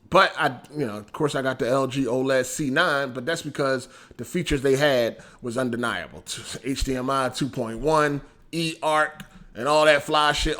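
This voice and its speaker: A man chatting casually on a gaming stream, animated and profane, laughing often and swinging from loud bursts to mumbles. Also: mid-range voice. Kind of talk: casual livestream chat.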